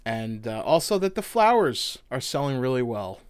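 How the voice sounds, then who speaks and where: A man's voice: medium pitch, sing-song, moderate pace, clear, resonant tone. A man co-hosting a podcast, loose and chatty, swearing casually as he breaks down a video game. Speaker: podcast co-host.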